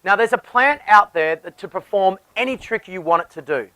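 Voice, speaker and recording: A man's voice: sits high, animated, a little fast, pushed and bright, dry recording, poor audio. A man, a landscape designer, explaining garden design with enthusiasm and often restarting his phrases.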